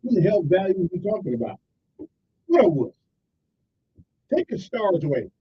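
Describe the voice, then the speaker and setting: A man's voice: high voice, very animated, normal speed, husky, highs cut off. A male talk radio host giving indignant, emphatic opinion commentary on his call-in show.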